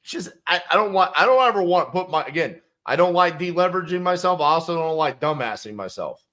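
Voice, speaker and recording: A man with a slightly high voice coaches sales. He is blunt and emphatic and swears freely, and he acts out both sides of a call as he picks a script apart. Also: lively intonation, fast, bright, forceful tone. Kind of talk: instructional commentary on a sales script.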